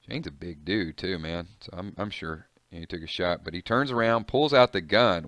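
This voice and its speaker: Guy chatting through a comic, lowish voice, super dry close mic. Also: moderate pace, hardly any pauses, a bit bright, no echo. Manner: chatty, reactive, musing aloud with fillers. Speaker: comic reader and commentator. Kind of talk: casual comic reading with commentary.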